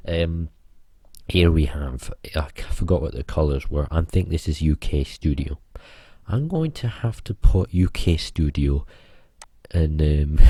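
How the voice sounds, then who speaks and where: Very deep slow-talking man, deadpan. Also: husky, no room sound. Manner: rambling, deadpan joking with many fillers. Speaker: online video creator ranking channels. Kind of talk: casual tier-list commentary.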